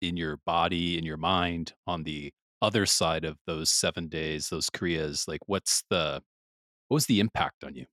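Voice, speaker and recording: A man hosting a podcast interview, asking questions in a soft-spoken way. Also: sits low, fairly even intonation, a little slow, no echo, studio quality. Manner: soft-spoken, brief listening murmurs. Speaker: podcast host.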